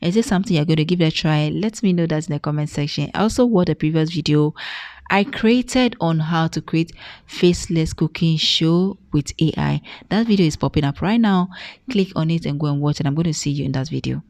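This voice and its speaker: A woman hosting a software tutorial, explaining each step in an instructive way. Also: low voice, brisk, no room sound. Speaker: tutorial host. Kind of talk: screen-recorded software tutorial.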